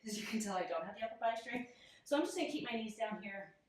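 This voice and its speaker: A young woman guides a yoga workout while doing it herself, breathless from the effort and quick to laugh at her own struggles. Her mid-pitched voice sits a few steps from the mic and bounces around a very echoey room. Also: animated, recorded from a distance. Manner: giggly, self-deprecating, chatty. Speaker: yoga instructor. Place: room, instructor moving on a mat. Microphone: camera mic at a distance.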